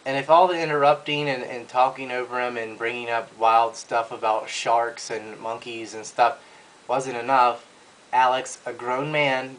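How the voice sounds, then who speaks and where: A man with a medium-pitched voice tears into his subject in a blunt, scornful rant. He delivers crude insults in a mocking commentary style. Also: a bit bright, poor audio. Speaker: video commentator.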